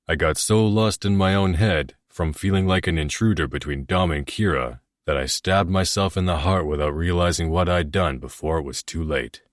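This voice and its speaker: A man's voice: deep voice, moderate pace, few pauses, no echo, clean studio sound. A man narrating a first-person romance audiobook in a brooding, self-critical way.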